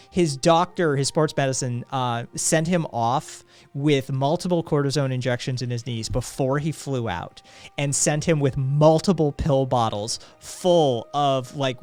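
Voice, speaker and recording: A man's voice: mid-range voice, a little mellow. A man casually telling a long anecdote on a livestream, full of fillers and acted-out quotes, with faint music behind. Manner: rambling, acts out quotes, frequent fillers. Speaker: podcast co-host.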